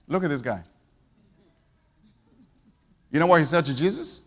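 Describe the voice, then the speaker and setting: A male preacher delivers his sermon in a fairly high voice that leaps up and drops low. He fires off rhetorical questions, bursting loud and then falling to quiet asides. His voice rings with the long reverb of a large hall. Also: lively intonation, moderate pace, long pauses.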